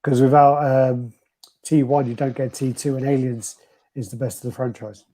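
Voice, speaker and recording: A man's voice: mid-range voice, steady tone, normal speed, mellow, rough recording. Chatty, teasing man hosting. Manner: teasing, chatty, asks questions. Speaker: host. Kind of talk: casual livestream chat.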